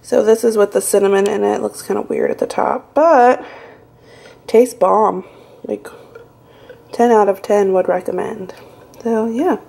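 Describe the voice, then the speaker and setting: A woman's voice: mid-range voice, fairly even intonation, a little slow, creaky, pauses often, warm tone, poor audio. A young woman vlogging casually at home, reacting dramatically and squeamishly as she talks through a recipe. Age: young adult. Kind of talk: casual vlog chat.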